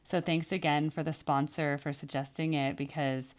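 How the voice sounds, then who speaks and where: A woman with a low voice talks through a music reaction in a casual, enthusiastic way. She sounds like a vocal coach, chatty and easygoing, breaking off at times to sing a short phrase as an example. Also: level tone, moderate pace. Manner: enthusiastic, chatty, demonstrates singing.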